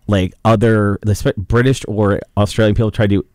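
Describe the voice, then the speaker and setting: A man's voice: on the low side, fairly even intonation, a little fast, a little mellow, no echo. A man in his forties co-hosting a radio show, talking casually and rambling with many restarts. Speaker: radio co-host. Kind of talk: casual on-air chat. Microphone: studio mic.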